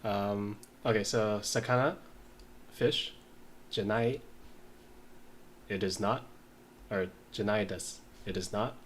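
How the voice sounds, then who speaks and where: A man in a casual study session, reading lines aloud slowly and mumbling as he writes and sounds out words. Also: fairly low pitch, slight background noise. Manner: slow, mumbling while writing, sounds out words. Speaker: language learner.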